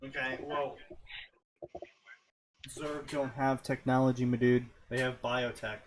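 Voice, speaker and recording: A man casually commentating on fanfiction he reads aloud, sardonic and quick to swear. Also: medium pitch, little pitch movement, a little hiss or hum. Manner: sardonic, laughs a lot, swears.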